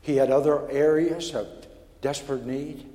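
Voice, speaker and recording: A man preaching a personal testimony, telling his story in a stammering, animated way that builds in excitement. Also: on the high side, moderate pace. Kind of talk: sermon testimony. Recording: echoey hall with long reverb.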